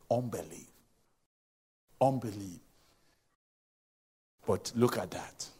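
A man's voice: mid-range voice, darkish tone. A man preaching a sermon, telling scripture stories dramatically and acting out the voices in quotes.

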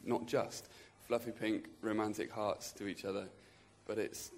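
A man's voice: fairly low pitch, level tone, a little slow. A man speaking earnestly in a church group, plain-spoken with frequent restarts. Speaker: church member sharing a testimony. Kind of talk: spontaneous testimony in a group.

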